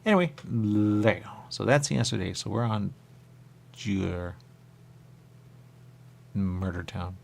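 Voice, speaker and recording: Low, gravelly man rambling on air. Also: measured pace, long pauses, slight background noise. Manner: meandering, repetitive, stream-of-consciousness. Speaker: radio host. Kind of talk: rambling monologue.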